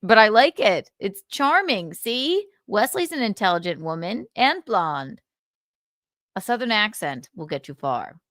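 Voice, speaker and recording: A woman's voice: medium pitch, big pitch swings, unhurried, a bit bright, no room sound, clean studio sound. A young woman hosting a livestream, chatting casually and reading viewer comments, giggling and losing her words as she rambles. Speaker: livestream host.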